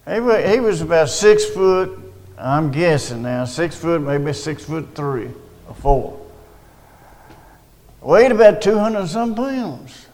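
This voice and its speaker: An older man, telling a personal story of faith in a rambling, halting way with many restarts. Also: on the high side, big pitch swings, a little mellow, long reverb tail, low-quality recording. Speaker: storyteller recounting a personal witness. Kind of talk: casual spoken testimony.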